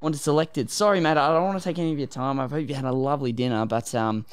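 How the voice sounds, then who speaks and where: Bloke putting on a matey salesman, chummy and rushed, prank call. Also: mid-range voice, lightly acted.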